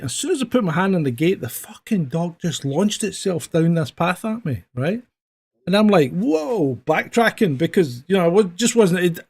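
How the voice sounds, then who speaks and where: Gravelly Scottish man telling stories. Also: a little high. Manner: animated storyteller, acts out dialogue. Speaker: podcast co-host, former police officer. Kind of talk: casual chat, anecdote telling.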